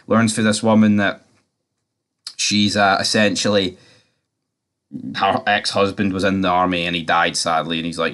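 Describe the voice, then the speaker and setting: A man talking through a TV episode in a loose, rambling way, with plenty of filler words and swearing. His voice sits a little low. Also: flat delivery, normal speed, long pauses, fairly bright tone. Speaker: TV series reviewer. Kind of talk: casual episode recap.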